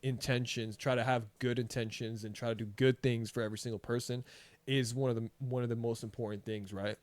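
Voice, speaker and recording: A man's voice: mid-range voice, fairly even intonation, fairly quick, darkish tone, no room sound. Guy hosting a chill podcast, keeps saying you know, man, middle voice, dry mic. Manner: chatty, encouraging, many fillers like "you know" and "man". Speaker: podcast host. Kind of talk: casual podcast interview.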